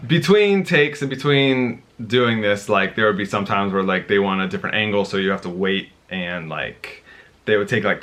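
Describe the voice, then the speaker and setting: Male vlogger, casual storyteller, bright and punchy, slightly low. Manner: rambling, animated, many restarts and fillers.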